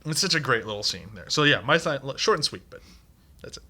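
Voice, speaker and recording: Bright-voiced man gushing about films. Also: mid-range voice, very animated, fast talker. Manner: enthusiastic, rambling, swears casually. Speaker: podcast co-host. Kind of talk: casual movie podcast chat.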